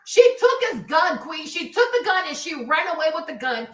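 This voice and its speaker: A woman's voice: high voice, very animated, normal speed. Profane, fired-up woman ranting in an echoey room. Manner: profane, emphatic, repeats herself for emphasis. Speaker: livestream host. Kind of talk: heated commentary rant.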